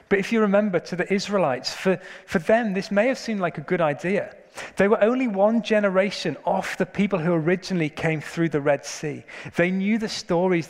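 A man preaches a sermon in a fairly high voice. He tells stories and builds to emphatic questions. His voice rings with a long reverb through a church hall.

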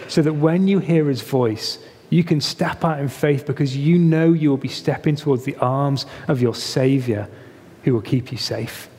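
Man preaching in a reverberant hall. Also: on the high side. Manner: animated storytelling, acts out voices of Jesus. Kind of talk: sermon.

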